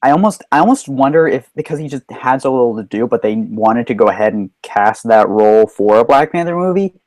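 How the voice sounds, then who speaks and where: A man's voice: mid-range voice, expressive, brisk, darkish tone, no room sound, rough recording. Hesitant man chatting, dry sound. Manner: hesitant, many fillers and restarts. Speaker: host. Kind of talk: casual live-stream movie chat.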